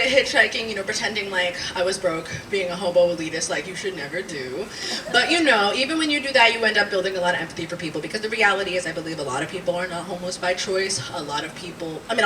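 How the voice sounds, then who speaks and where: A woman in her twenties or thirties doing a stand-up comedy set, rambling and animated, swearing and laughing at her own jokes. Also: medium pitch. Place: small live comedy venue. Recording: distant mic with audible room noise.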